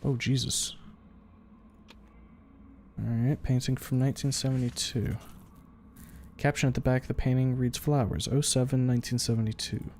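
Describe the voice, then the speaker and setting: A man's voice: mid-range voice, level tone, normal speed, pauses often, darkish tone, slight background noise. A man streaming a video game, thinking aloud in a casual way with the odd swear. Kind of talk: live gameplay commentary.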